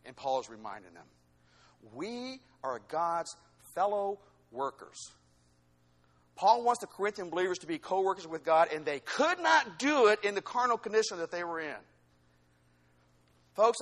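A male pastor preaching a sermon, swinging between loud exhortation and quieter teaching asides. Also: on the high side.

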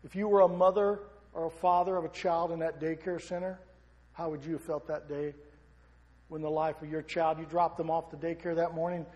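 A man's voice: fairly high pitch, a little mellow. A middle-aged male pastor preaching a sermon with passion, asking his listeners question after question. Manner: impassioned preaching with rhetorical questions. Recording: long reverb of a large hall.

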